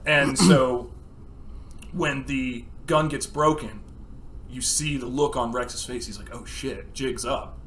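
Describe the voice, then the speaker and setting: A man co-hosting a casual podcast, telling stories with lots of swearing and acting out scenes with sudden shouts. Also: mid-range voice, slow pace, slight background noise. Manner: animated storyteller, acts out scenes with sudden shouts; swears freely. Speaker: podcast co-host. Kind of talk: casual chat.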